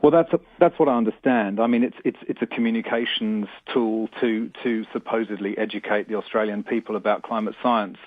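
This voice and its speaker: A man phoning in to a talk radio show, speaking in a measured way with frequent repeated words. His voice is on the low side and comes through a thin, tinny phone line. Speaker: phone-in guest, climate sceptic blogger. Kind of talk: radio interview over the phone.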